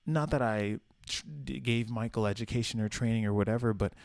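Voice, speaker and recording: A young man from the American South hosting a casual solo podcast, telling stories with swearing and playful high-pitched asides. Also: brisk, no room sound, clean studio sound. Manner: animated storyteller, swears freely, acts out quotes in high voices. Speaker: podcast host.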